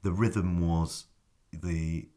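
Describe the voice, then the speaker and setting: An actor telling a lively backstage story in a casual interview, acting out what people said. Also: male voice, low-pitched, very slow. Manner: animated anecdote-telling, acts out his own past lines. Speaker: actor guest.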